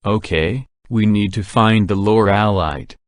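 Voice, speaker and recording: A man voicing a wry teenage boy with hushed, urgent speech, from an audiobook reading. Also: lowish voice, unhurried, no echo, studio quality, lightly acted. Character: young male alien teen, teleporting, wry.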